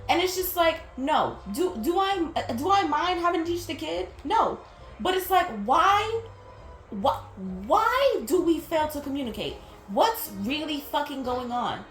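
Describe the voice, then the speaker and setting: A woman's voice: sits high, lively intonation, unhurried. A young woman telling a work story in a casual rant, candid and exasperated, swearing freely and stumbling over her words. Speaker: vlogger. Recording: roomy echo, faint music.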